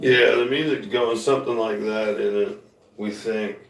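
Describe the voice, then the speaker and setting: A man chatting casually to viewers as a musician, a loud talker who rambles and restarts his sentences. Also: lowish voice, steady tone, normal speed, gravelly, music in the background. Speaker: musician streaming live. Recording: roomy sound, mic at a distance.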